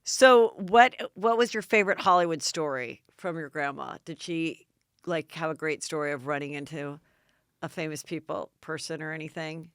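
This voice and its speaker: Podcast host, female, bright and smooth voice, gossipy interviewer, dry sound. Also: low voice, normal speed, no room sound. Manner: gossipy, probing questions. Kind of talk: casual interview chat.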